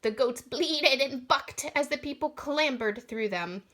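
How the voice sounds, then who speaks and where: A woman reading a children's storybook aloud in an expressive manner, voicing the sound effects along the way. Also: sits high, a little slow.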